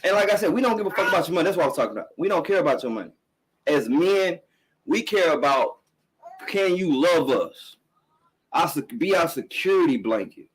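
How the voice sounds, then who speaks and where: A middle-aged man with a voice on the high side speaks briskly and with animation, a breathy edge coming through the low-quality recording. Hosting a live-streamed podcast, he rants bluntly and emphatically in casual, profane commentary, swearing frequently and repeating himself.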